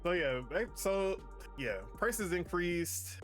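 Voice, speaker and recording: A young man talking casually on a podcast, rambling and restarting his sentences. His voice sits a little high, and faint music plays underneath. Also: expressive, slow pace. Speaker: podcast co-host. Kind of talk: casual chat.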